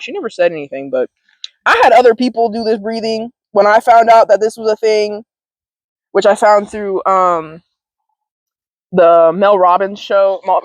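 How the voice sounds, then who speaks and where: A woman of medium pitch hosts a wellness show in a relaxed talking-to-camera style, drifting between topics, repeating words, and laughing often. Her language is informal and slangy, with occasional swearing. The recording is low quality but has no room sound.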